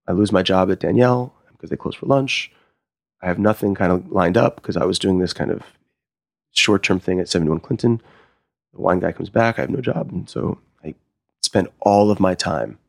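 A man's voice: low-pitched, vocal fry, no room sound, studio quality. A man who works as a sommelier and wine consultant, telling stories in a casual interview and acting out the quoted dialogue. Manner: animated, acts out quoted dialogue.

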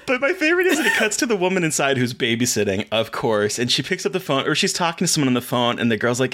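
A man's voice: medium pitch, sing-song, quick pace, a bit bright. A man co-hosting a podcast, chatting casually about films and shows, rambling and enthusiastic with many restarts. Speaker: podcast co-host.

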